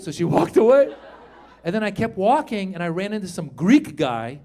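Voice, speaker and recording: A middle-aged man from Iran doing stand-up comedy on stage, animated and shouting his punchlines while acting out the people in his stories. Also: high-pitched, fairly quick. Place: comedy stage before a live audience.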